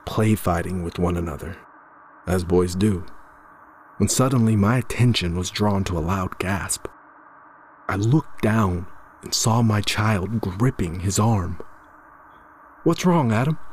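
A man narrates a first-person horror tale at a very unhurried pace. His voice sits fairly low, and he keeps a measured, somber tone, sometimes stumbling over a word. A faint ambient hum lies under the voice. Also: a little mellow. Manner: measured, somber storytelling with occasional stammers.

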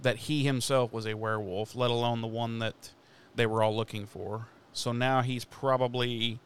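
A man's voice: mid-range voice, fairly even intonation, moderate pace, clear, resonant tone. A man hosting a podcast, recapping an episode in casual, profane chat and laughing at the story. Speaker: podcast host.

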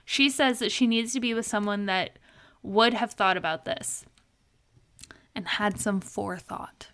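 A woman's voice: mid-range voice, a little slow. A young woman co-hosting a podcast, animatedly retelling a show scene by scene, slipping into quoted lines between laughs. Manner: animated storytelling, quoting people with laughs. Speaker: podcast co-host. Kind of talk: casual recap chat.

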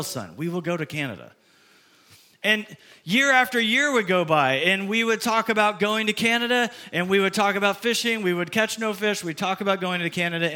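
A man's voice: fairly high pitch, pushed and bright. A man in his fifties from the American Midwest, a pastor preaching a conversational, storytelling sermon. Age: 50s.

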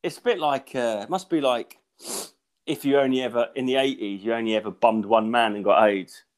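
This man, a stand-up comic and podcast host with young children, speaks a little fast in a mid-range voice. His casual storytelling rambles along, full of restarts and giggles as he coughs and runs short of breath.

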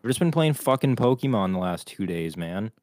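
Young male podcast co-host, very deep and dry, crude teasing. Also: sing-song, brisk, a little mellow, no room sound. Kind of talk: casual chat.

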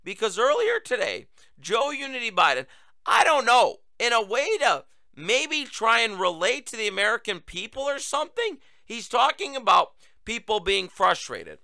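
A man's voice: very high-pitched, very animated, normal speed, gravelly, sharp tone, dry recording. A man hosting a political talk show, delivering a sarcastic, mocking monologue. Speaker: host.

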